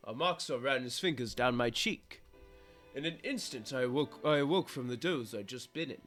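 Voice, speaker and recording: A man's voice: mid-range voice, brisk, fairly bright tone. A man streaming a visual novel, reading its first-person narration aloud with dramatic, pleading repetition. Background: game music.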